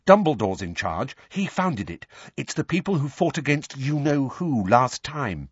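A man reading an audiobook, voicing an anxious, earnest teenage girl who talks quickly and pleadingly. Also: medium pitch, sing-song, slightly rough, no room sound, muffled recording, pitched above the performer's own voice.

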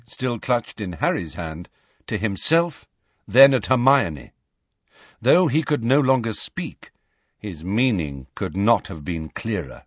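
A man reading an audiobook as narrator, in a dramatic, lively way. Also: on the low side, breathy edge, no room sound, lo-fi sound. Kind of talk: scripted narration.

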